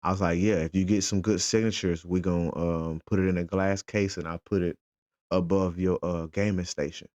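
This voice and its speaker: Deep-voiced dad telling a story. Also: male voice, normal speed, no echo, lo-fi sound. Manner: animated, retells conversations in quotes. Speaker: father and football fan. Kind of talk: casual storytelling vlog.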